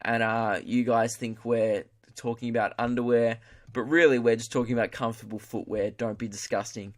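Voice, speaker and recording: A young Australian man talks straight into his podcast mic, rambling through a comedy bit with broad slang. He swears freely and keeps mocking himself. His voice sits at an ordinary middle pitch. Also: fairly even intonation, normal speed. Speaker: podcast host. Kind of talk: casual solo comedy podcast.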